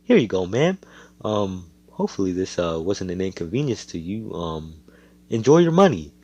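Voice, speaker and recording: A man voicing a cocky young male fighter who talks loud, profane and taunting. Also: sits low, big pitch swings, normal speed, lo-fi sound, full character voice. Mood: politely mock-sweet.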